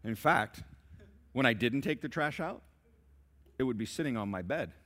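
A man's voice: medium pitch, lively intonation, normal speed, slight background noise. Emphatic preaching man. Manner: emphatic and repetitive, building to shouts. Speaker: pastor. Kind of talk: sermon. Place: church sanctuary, live service.

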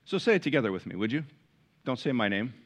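A male pastor preaching a sermon to a large church, swinging from loud emphatic peaks to quiet, hushed lines. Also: mid-range voice, big pitch swings, fast. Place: large church with balcony, live congregation.

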